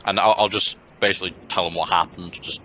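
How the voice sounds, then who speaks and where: A man's voice: low-pitched, steady tone, fast talker, sharp tone, highs cut off, a little hiss or hum. A man playing a tabletop game, describing his actions hesitantly and repeating words. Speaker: player. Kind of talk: casual tabletop game play.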